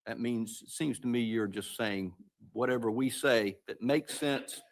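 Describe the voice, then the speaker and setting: A man questioning a lawyer from the judge's bench, feeling his way through his point with hesitant, searching phrasing. His voice sits at an ordinary middle pitch for a man. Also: a little slow. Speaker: appellate judge. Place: courtroom.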